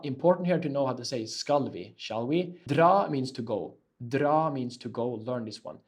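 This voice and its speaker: Guy teaching a language, says phrases slow and over again then explains real fast, mid-pitched voice. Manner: repeats key phrases slowly, then explains quickly. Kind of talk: casual language lesson.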